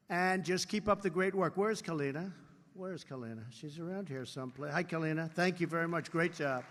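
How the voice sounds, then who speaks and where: A man's voice: high-pitched, a bit bright. A man in his seventies giving a rambling political speech at a convention, repeating phrases and adding boastful asides. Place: large convention hall. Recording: hall reverb from live convention.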